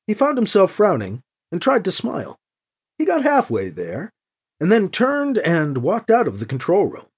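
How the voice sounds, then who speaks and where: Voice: moderate pace, breathy edge. An audiobook narrator reading a story aloud and giving each character a voice of their own. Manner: lively, voices each character with shifts in pitch.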